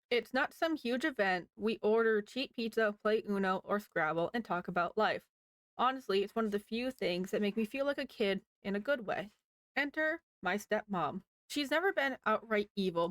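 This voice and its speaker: A woman's voice: mid-range voice, no echo. A woman reading online posts aloud in a casual way, with wry asides to the listener.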